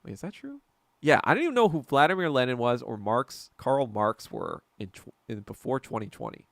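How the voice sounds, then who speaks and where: A man in his thirties hosts a loose fireside-style podcast chat, wandering from one tangent to the next. His mid-pitched voice has a gravelly edge, and he restarts sentences often, swearing freely. The sound is close and dry, with little room around it. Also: animated, brisk, fairly bright tone, no echo. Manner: rambling, profane, self-interrupting with tangents. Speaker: podcast host reading chat. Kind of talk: casual livestream chat.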